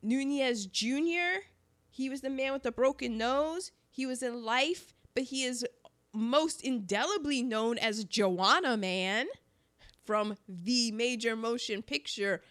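A woman's voice: a little high, slow, a bit bright. A woman co-hosting a casual movie podcast, talking animatedly and laughing often as she retells scenes. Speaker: podcast co-host.

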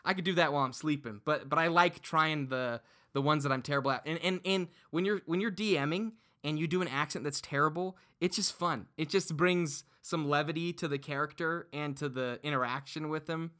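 Brief: podcast guest, man, earnest, trips over his words, bright voice. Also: on the high side, a little fast. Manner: earnest, restarts and repeats words often. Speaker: podcast guest and dungeon master. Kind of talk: casual podcast chat.

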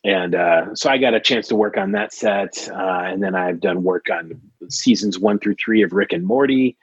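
Low husky man, rambling guest. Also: moderate pace, no room sound, muffled recording. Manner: rambling, many fillers and restarts. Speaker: guest, trading card artist. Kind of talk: casual podcast interview.

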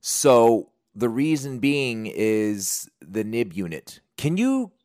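A man's voice: mid-range voice, big pitch swings, slow pace, a little mellow, dry recording, clean studio sound. A man hosting a podcast, chatting casually and reading sponsor spots in a rambling, jokey, self-deprecating way. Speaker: podcast host. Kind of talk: casual unscripted chat and sponsor reads.

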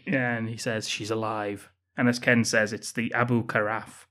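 A man's voice: mid-range voice, little pitch movement, moderate pace, a bit bright. A man co-hosting a podcast, casually recapping a film's plot with dry, sweary remarks. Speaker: podcast co-host. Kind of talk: casual film-review chat.

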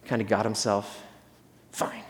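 A man's voice: fairly low pitch, little pitch movement, a little slow, big-room sound. A male pastor giving a sermon in a conversational, storytelling way with self-deprecating humor.

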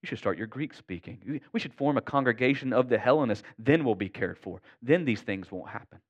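A man voicing Satan as a sly tempter, speaking in a hushed, insinuating way. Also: medium pitch, expressive, fairly quick, muffled recording, lightly acted. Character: whispering Satan, sly tempter of lonely widows.

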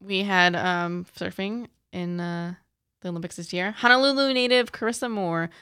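A woman's voice: lowish voice, moderate pace, sharp tone, clean tone, dry recording, studio quality. A young woman hosting a casual chat, reading out news items in a light, chatty way.

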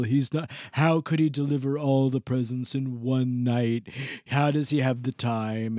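A man's voice: on the high side, a little mellow, dry recording, studio quality. A man playing a foul-mouthed, boastful Santa Claus who rambles and laughs, his voice swooping up and down in a creepy way. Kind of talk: improvised comedy podcast bit.

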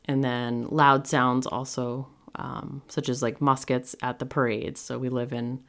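A middle-aged woman from the US talks through personal stories as a podcast host, chatty and animated with plenty of fillers. Her voice sits unusually low. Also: measured pace. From United States. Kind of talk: casual monologue.

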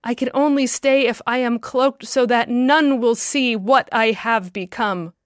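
A woman's voice: fairly high pitch, unhurried, no room sound, clean studio sound, natural voice. A woman voicing a scarred, weary woman who pleads in anguish, read in a storybook telling.

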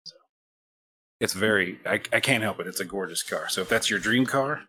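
Podcast host, American man, low voice, rambling self-deprecating anecdotes. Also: fairly quick, pushed and bright. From United States. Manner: rambling, self-mocking anecdotes with many restarts. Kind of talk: casual storytelling chat.

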